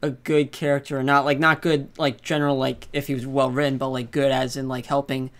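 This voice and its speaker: A man's voice: medium pitch, level tone, brisk, a bit bright. A man co-hosting a podcast, musing about a film in a hesitant, casual way, with lots of "like". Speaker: podcast co-host. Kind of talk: casual movie discussion.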